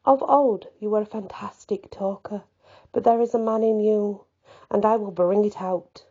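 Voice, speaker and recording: A woman's voice: mid-range voice, fairly even intonation, moderate pace, warm tone, husky, dull audio. A woman reading aloud, voicing a young female commander who speaks graciously but firmly.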